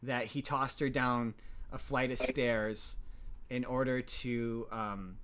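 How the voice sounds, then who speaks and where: A man's voice: mid-range voice, flat delivery, takes it slowly, a bit bright, slight background noise. A man hosting a podcast, casually recapping a film in a rambling way, with frequent restarts and repeated words. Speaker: podcast host.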